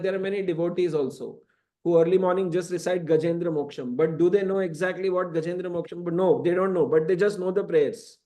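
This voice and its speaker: A man with a high, warm voice is lecturing a scripture class inside a temple classroom. He explains things at length and keeps adding "you know" along the way.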